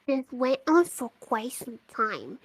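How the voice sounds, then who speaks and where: A woman reading a listener's letter aloud on a podcast, with expressive delivery, now and then tripping over a word. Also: a little high, takes it slowly, husky, poor audio. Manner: expressive reading, slipping up and swearing at her mistakes. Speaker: letter reader.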